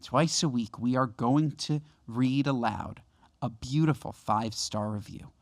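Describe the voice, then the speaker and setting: A man's voice: medium pitch, a little slow, no room sound, studio quality. A man co-hosting a casual comedy podcast, ranting in mock outrage about small gripes. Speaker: podcast co-host.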